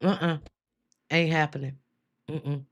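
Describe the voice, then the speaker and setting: A woman hosting a live stream, telling her testimony with emphatic, drawn-out storytelling and frequent laughter. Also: sits low, steady tone, muffled recording. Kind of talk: spoken testimony to a live chat.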